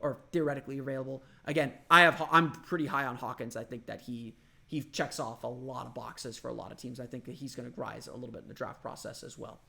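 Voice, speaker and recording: A man's voice: mid-range voice, fairly even intonation, fast, creaky, sharp tone. A man from Orlando hosting a solo sports podcast, thinking aloud in a loose, conversational way. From Orlando, Florida. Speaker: podcast host.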